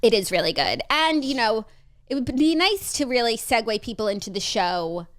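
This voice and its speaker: A woman with a fairly high, lively voice co-hosts a casual podcast. She is playful and self-deprecating and laughs a lot. Her pitch moves freely through the chat. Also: moderate pace. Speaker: podcast co-host.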